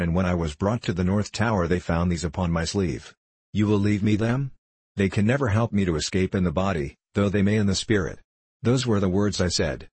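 Man reads broken old male prisoner: dazed, halting, low and husky. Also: a little mellow, dry recording. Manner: halting, bewildered questions.

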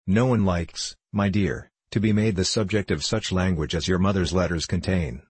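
A man's voice: low-pitched, steady tone, normal speed, breathy edge, dry recording. A man reading as a scornful young governess. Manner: scornful, cutting. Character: sharp proud young female governess. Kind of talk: audiobook reading.

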